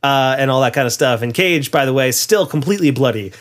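A man's voice: mid-range voice, animated, a little fast. A man in casual conversation, retelling a film's plot in a rambling way with lots of fillers. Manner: rambling, filler-heavy, laughs often.

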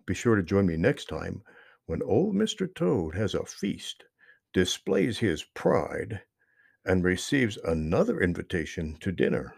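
A man narrating a children's story, gentle and expressive. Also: low-pitched, a little slow, gravelly, breathy edge, no room sound, clean studio sound.

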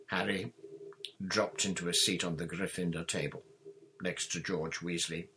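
A man reading a story aloud in steady, even audiobook narration. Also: low-pitched, normal speed, breathy edge. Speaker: reader.

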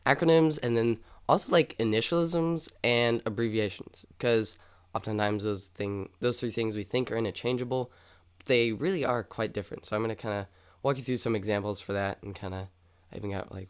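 A man's voice: fairly low pitch, clear, resonant tone. A young man co-hosting a casual podcast, chatty and upbeat, rambling with lots of fillers. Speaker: podcast co-host.

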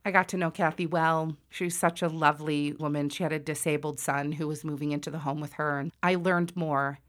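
A woman in her forties from the United States telling a personal story to an audience, loud and self-mocking, with quick asides. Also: sits low, fairly even intonation.

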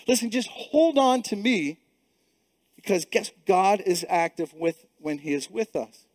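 Male pastor, emphatic sermon, restarts and repeats words, high voice, dry sound. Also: animated, moderate pace, no echo.

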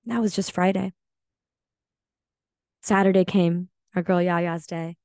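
A woman's voice: lowish voice, steady tone, unhurried, dark tone, no echo. Heartfelt woman podcaster, dry close sound. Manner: heartfelt, emphatic, occasional swearing. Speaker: podcast host. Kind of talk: reflective podcast monologue.

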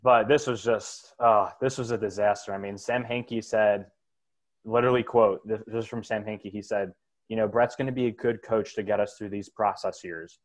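Low-voiced guy ranting on a sports podcast, blunt, lots of ums and you knows. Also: steady tone, moderate pace, rough recording. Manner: blunt, opinionated, rambling with fillers. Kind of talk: casual sports talk.

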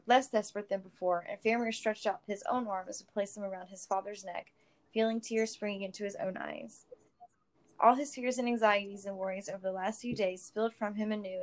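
A woman narrating a story in a steady, expressive reading voice. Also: mid-range voice, poor audio. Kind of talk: audiobook reading of fan fiction.

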